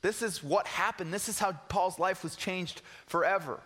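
Bright-voiced young preacher in a big hall. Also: male voice, high-pitched, moderate pace. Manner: casual, earnest preaching with slang and repeats. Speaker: pastor. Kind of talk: sermon. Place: church sanctuary. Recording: long hall reverb.

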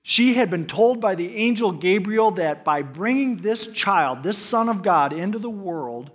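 Middle-aged male pastor, slightly high, husky voice; sermon storytelling that swings from booming to hushed. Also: animated, measured pace.

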